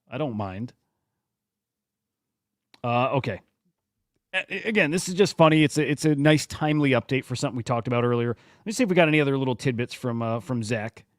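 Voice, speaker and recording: A man's voice: medium pitch, no room sound, clean studio sound. A man hosting a casual livestream about crypto news, rambling and exasperated, stumbling over many restarts. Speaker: crypto show host.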